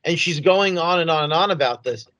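A man's voice: a little high, fairly quick, a bit bright, no room sound. A man co-hosting a podcast, telling a casual anecdote with easy laughs. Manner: easygoing anecdote teller, laughs at his own stories. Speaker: podcast co-host.

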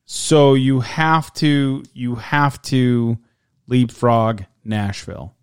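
A man's voice: medium pitch, fairly even intonation, very slow, clean tone, no room sound, studio quality. A man co-hosting a podcast, casually rattling off game scores and standings. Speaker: podcast co-host. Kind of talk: casual sports chat.

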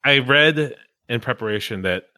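A man hosting a podcast in casual chat, chatty and quick to laugh, often trailing off mid-sentence. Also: mid-range voice, expressive, bright, forceful tone, dry recording. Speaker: podcast host.

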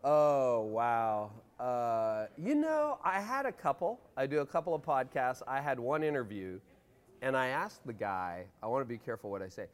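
A man's voice: mid-range voice, big pitch swings, moderate pace. A man with a Canadian accent talking casually as a podcast guest, chatty and self-deprecating, laughing easily.

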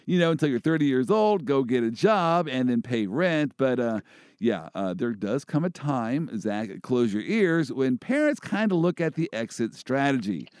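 Animated joking man, dry sound. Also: medium pitch, normal speed, clean tone, no room sound. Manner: joking, animated, many restarts. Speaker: host and First Amendment lawyer. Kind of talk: casual podcast chat about legal cases.

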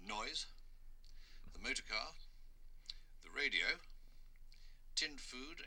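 An older man, an interviewee in an archival radio recording, slowly listing what he likes and dislikes. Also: mid-range voice, animated, sharp tone, slightly rough, full character voice. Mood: measured. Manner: slow, measured listing. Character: older English male writer in a radio interview. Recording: old archival broadcast recording, distant.

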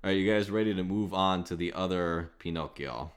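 A man with a somewhat low voice hosts a casual podcast. He talks in a wry, sarcastic way. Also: moderate pace, clean tone. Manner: wry, sarcastic movie critique. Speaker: podcast host. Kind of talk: casual chat.

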